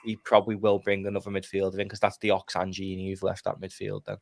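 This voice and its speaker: A man's voice: sits low, completely flat delivery, fast, vocal fry, no echo. A man chatting casually as a football podcast panelist, laughing easily and hedging with fillers.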